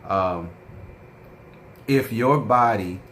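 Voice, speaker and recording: A man's voice: lowish voice, extremely slow, fairly bright tone, slight background noise. A man vlogging in a casual chat, telling a rambling story with lots of fillers and reading out viewer comments.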